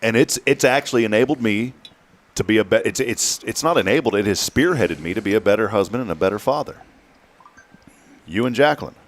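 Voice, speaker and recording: A man's voice: fairly low pitch, animated, a little fast. A man hosting a morning talk show, chatting casually and jokingly, drawing out key words.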